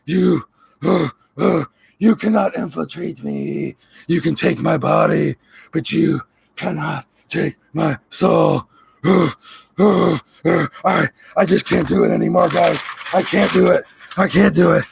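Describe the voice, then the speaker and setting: Comic impression: a man playing a frantic middle-aged conspiracy broadcaster, stammering and raving, with a gravelly edge. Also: fairly high pitch, measured pace, slight background noise. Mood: ranting. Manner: frantic, shouting, stammering breakdown.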